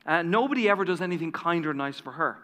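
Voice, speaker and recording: Brief: man putting on a cheery woman, pitched high and gushing. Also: animated, quick pace, in a large hall. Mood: delighted. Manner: bright, gushing. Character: cheerful, kind woman cook.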